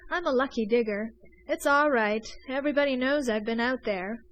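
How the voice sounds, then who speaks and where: A woman puts on an excitable young gentleman smuggler in a storybook reading. His voice sits somewhat high, and he presses his case with urgent, pleading energy. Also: moderate pace, highs cut off, close to an everyday voice. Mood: excited.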